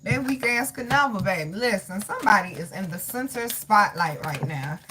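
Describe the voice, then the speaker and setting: A woman's voice: medium pitch, expressive, moderate pace, noisy background. A woman in her thirties doing a casual tarot reading, sassy and preachy, calling her listeners baby. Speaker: tarot reader.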